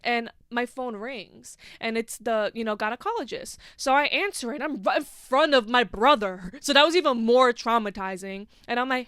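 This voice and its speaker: A woman's voice: on the high side, moderate pace, few pauses, pushed and bright, clear, resonant tone, no room sound, studio quality. A young woman hosting a podcast, telling a personal story in casual chat, full of "like" fillers and swearing. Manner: chatty, heavy on "like", swears freely. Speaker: podcast host.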